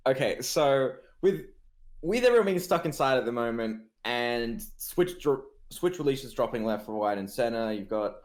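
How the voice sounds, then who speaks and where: A man's voice: mid-range voice, moderate pace. Casual podcast co-host, male, mid-range voice, giggly and rambling. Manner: excitable, laughs often, rambling restarts. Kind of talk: casual chat.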